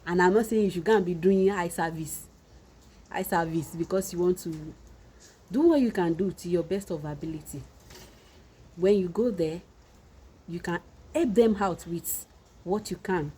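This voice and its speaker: A woman's voice: lowish voice, mellow, slight background noise, poor audio. A woman with a Nigerian Yoruba accent, giving earnest, repetitive marriage advice in a casual monologue.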